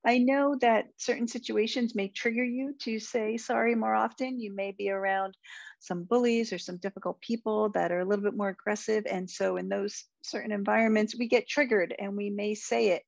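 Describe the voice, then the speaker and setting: A woman's voice: medium pitch, gravelly, no echo, lo-fi sound. A woman speaking coach giving a direct-to-camera tip, encouraging and emphatic, acting out sample phrases.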